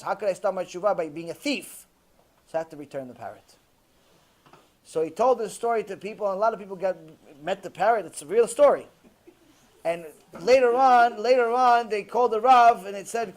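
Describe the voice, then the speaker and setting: A rabbi giving a lecture, telling a story in a lively storytelling manner and mixing in Hebrew terms. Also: male voice, sits high.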